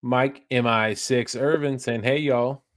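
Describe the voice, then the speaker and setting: A man's voice: mid-range voice, steady tone, a little slow, no room sound. Easygoing man reading chat. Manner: easygoing, laughs between comments. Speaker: livestream co-host reading chat. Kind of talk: reading viewer comments aloud.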